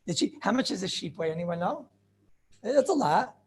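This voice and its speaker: A man, a rabbi, teaching a lively Talmud lesson to his students, animated and full of rhetorical questions and asides. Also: high-pitched, moderate pace.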